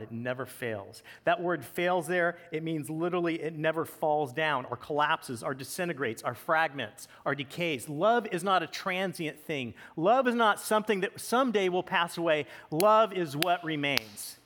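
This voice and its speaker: A pastor delivering a conversational sermon with casual asides. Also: male voice, a little high, normal speed, fairly bright tone, big-room sound.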